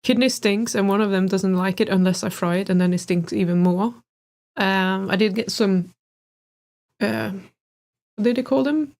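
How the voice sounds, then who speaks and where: A woman with a mid-range voice full of gravelly fry reads out viewer questions on a casual live stream. She chats in an offhand, easygoing way and laughs readily. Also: mid-range voice, normal speed, darkish tone.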